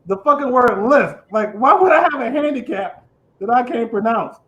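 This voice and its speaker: A man's voice: very high-pitched, lively intonation, normal speed, pushed and bright, dull audio. A man with a lisp hosting an online comedy show, telling profane stand-up jokes and laughing at his own lines. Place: house in Detroit.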